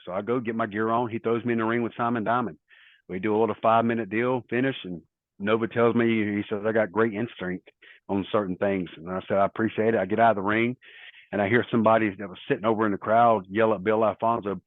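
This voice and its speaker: A man's voice: lowish voice, fairly even intonation, a little fast, no room sound. A middle-aged man, a former wrestler, telling rambling stories in a casual interview, full of quoted dialogue. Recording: tinny phone-like line, dry.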